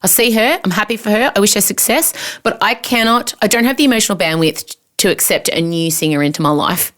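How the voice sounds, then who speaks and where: A woman's voice: medium pitch, fast talker, a bit bright. A woman in her forties with an Australian accent, hosting a podcast in a chatty, self-mocking storytelling manner. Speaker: podcast host. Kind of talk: casual monologue.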